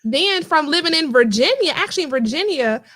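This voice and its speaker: Midwest lady hosting a livestream, kinda high voice, rambly and animated. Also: fairly quick. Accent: Midwestern American. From Midwest US (Cincinnati). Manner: chatty, storytelling, animated asides. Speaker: livestream host. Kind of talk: casual livestream chat.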